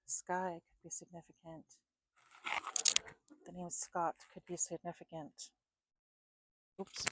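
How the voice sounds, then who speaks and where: A woman doing an intuitive psychic reading at home, calmly listing names and places she picks up, thinking aloud and a bit sleepy. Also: on the low side, vocal fry, husky, no echo, poor audio. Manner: calm, repetitive, thinking aloud. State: sleepy, yawning. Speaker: psychic reader.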